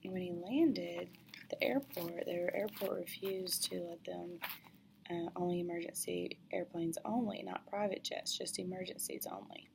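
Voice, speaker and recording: Gravelly woman telling a halting story. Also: on the low side, steady tone, noisy background. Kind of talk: personal storytelling.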